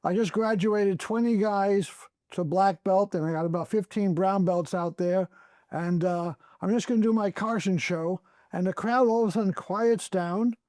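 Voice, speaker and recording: A man's voice: high-pitched, moderate pace, dry recording, studio quality. A man, a comedy club owner and podcast guest, telling stories and acting out the other people in them. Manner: animated storyteller acting out other people's lines. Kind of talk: anecdotal storytelling on a podcast.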